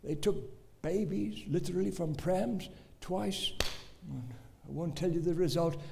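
A man's voice: high voice, unhurried, gravelly, noisy background. A middle-aged man with a South African accent preaching a sermon, emphatic and given to exclamations as he tells stories.

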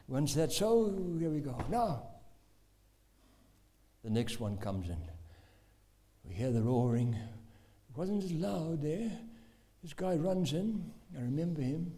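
Male preacher, high mellow voice, dramatic sermon storyteller. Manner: dramatic storytelling, swings from shouting to hushed whisper.

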